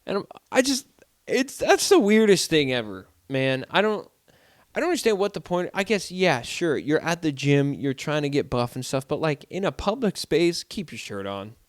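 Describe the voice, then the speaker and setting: A man's voice: on the high side, very animated, normal speed, no echo, studio quality. A man from South Dakota telling rambling everyday stories at home as a solo podcast host, full of fillers like "like" and "dude". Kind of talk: casual storytelling monologue. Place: room at home.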